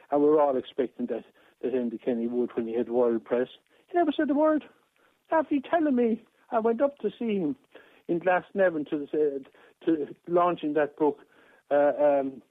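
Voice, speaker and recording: An Irish man calls in to a radio phone-in show, sounding aggrieved on a tinny line. His voice is medium-pitched and the recording is dry, and he rambles with many restarts and repetitions.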